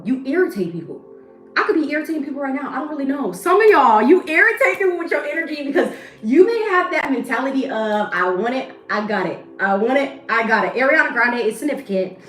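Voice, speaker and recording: A woman's voice: sits high, fairly bright tone. A woman giving a casual tarot reading to camera, blunt, slangy and profane. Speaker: tarot reader. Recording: echoey room with faint music.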